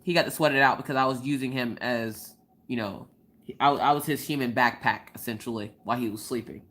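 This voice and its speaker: Recovering from a cold, a young woman chats casually on a live stream, giggling often and acting out quoted voices as she tells stories. Her voice is rumbling low, a bit bright, and a little fast.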